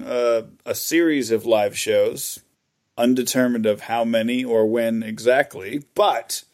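An American man in a relaxed podcast chat, his voice carrying a gravelly fry. He jokes around and keeps doubling back with fillers and restarts as he talks. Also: medium pitch. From United States. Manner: loose and joking, with frequent fillers and restarts. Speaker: podcast co-host. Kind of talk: casual chat.

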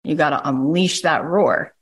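A middle-aged woman coaching a caller, telling a story with emphatic, lively delivery and frequent "like". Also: deep voice, unhurried, breathy edge. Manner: animated storyteller, emphatic, uses "like" often. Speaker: host, coach.

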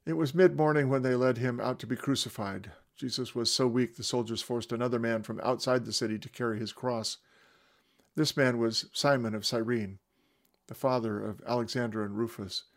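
A man's voice: mid-range voice, vocal fry. A man giving a dramatic first-person retelling of scripture, with varied emphasis. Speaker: storyteller.

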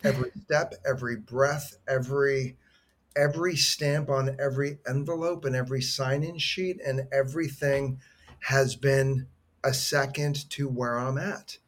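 A man's voice: mid-range voice, fairly even intonation, a little slow. Earnest middle-aged man telling a heartfelt story. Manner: earnest, heartfelt, rambling with restarts. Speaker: podcast guest, actor. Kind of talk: conversational storytelling.

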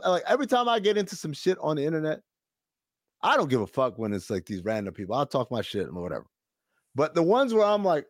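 A man's voice: fairly high pitch, no room sound, clean studio sound. A man on a podcast, telling a story in casual chat, cursing freely and acting out what others said. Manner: animated storytelling, profane, quotes others in voices. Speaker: podcast co-host.

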